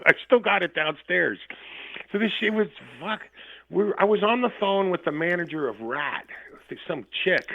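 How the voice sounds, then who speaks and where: A man with a gravelly, fairly high voice tells rambling, swear-heavy stories as a guest on a radio show. The sound is dry and thin, squeezed through a tinny phone line. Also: expressive, normal speed, no echo. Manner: rambling, profane, laughing anecdotes. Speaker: band member guest. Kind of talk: casual interview storytelling.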